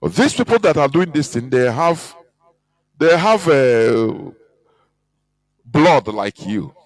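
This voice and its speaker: A man's voice: mid-range voice, very animated, slow pace, no room sound, low-quality recording. A man giving an impassioned, scornful radio talk, emphatic and mocking. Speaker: radio broadcaster.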